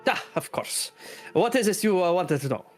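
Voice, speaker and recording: A man's voice: sits high, animated, normal speed, faint music behind, voice pushed up. A man voicing a flamboyant, pompous male fox prince with a put-on mock Spanish accent and flowery, over-polite speech. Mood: grandiose.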